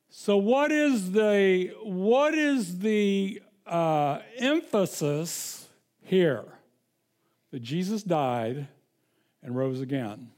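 A man's voice: high-pitched, lively intonation, very slow, darkish tone. A man preaching a sermon as pastor, talking conversationally with frequent restarts and reading scripture aloud.

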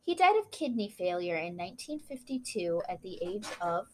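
A woman's voice: mid-range voice, big pitch swings, moderate pace, darkish tone, slight background noise. A woman co-hosting a casual chat, reading out history notes with frequent asides and apologies for mispronounced names. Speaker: podcast co-host.

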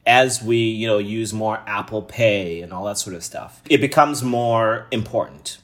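A man's voice: lowish voice, a little slow, fairly bright tone. A young man from Saskatoon, a podcast guest who talks hesitantly with many fillers. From Saskatoon, Canada. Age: young adult. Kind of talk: casual chat.

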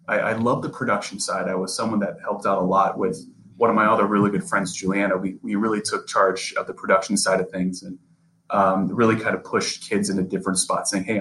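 In a rough recording, a young man with a lowish, slightly bright voice appears as a podcast guest. He's a sports reporter speaking earnestly in a casual interview, often repeating and restarting words.

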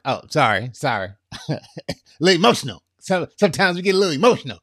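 A man's voice: mid-range voice, big pitch swings, moderate pace, vocal fry, a bit bright, no room sound, clean studio sound. A man preaching a conversational sermon on relationships, often checking in with his listeners by asking "right?". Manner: casual, checks in with "right?", acts out quotes.

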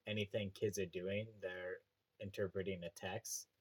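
A man co-hosting a podcast in casual chat, animated, laughing often and repeating words as he talks. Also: sits low, moderate pace, husky. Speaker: podcast co-host.

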